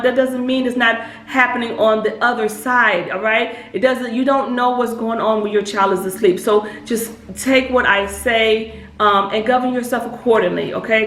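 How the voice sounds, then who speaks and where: A woman giving earnest, repetitive spiritual advice to parents, often pausing to check in with her listeners. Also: on the high side, a bit bright. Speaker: hypnotist and spiritual advisor. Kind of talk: casual advice talk to camera. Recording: echoey room with faint background noise.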